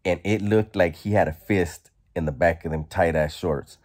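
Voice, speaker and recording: A man vlogging, telling a story casually in a profane, slangy, animated way. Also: low voice, normal speed.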